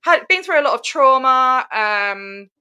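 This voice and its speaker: A woman with an English accent chatting as a guest on a video call. Her voice sits a little high and sounds bright and forward. She talks chattily, trailing off into fillers and laughing often. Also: lively intonation, a little slow, clear, resonant tone, muffled recording. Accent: English with Scottish roots. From Scotland. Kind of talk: casual chat.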